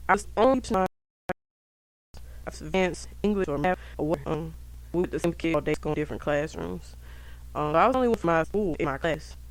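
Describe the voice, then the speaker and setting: A woman's voice: on the low side, no room sound. Brief: young woman podcast host, casual storytelling, swears freely, dry close sound. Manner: profane, animated, talks straight to listeners. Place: indoors at home.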